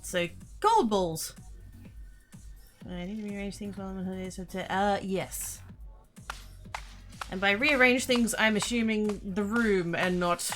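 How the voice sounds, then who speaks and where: A woman's voice: mid-range voice, fairly even intonation, normal speed, fairly bright tone. An Australian woman in her young adult years, chatting casually with viewers while playing, muttering and swearing at the game. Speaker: streamer. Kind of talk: casual gaming livestream chat. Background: game music.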